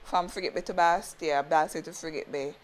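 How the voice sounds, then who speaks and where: A woman, co-hosting a casual chat as an animated storyteller who laughs often. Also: deep voice, fast.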